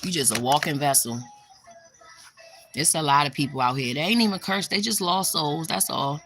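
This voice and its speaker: A woman's voice: low-pitched, moderate pace, faint music behind. A young woman chatting casually on a livestream, bluntly and with a lot of profanity, answering her viewers' comments. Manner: blunt and profane, bursts into loud exclamations; reacts to live chat comments. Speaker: spiritual vlogger.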